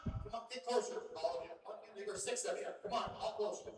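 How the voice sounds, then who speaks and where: A man's voice: high-pitched, fast talker. A man emceeing a county fair show, bantering playfully with kids and rallying the crowd to applaud. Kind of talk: live announcing to a crowd. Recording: echoey, distant, faint noise.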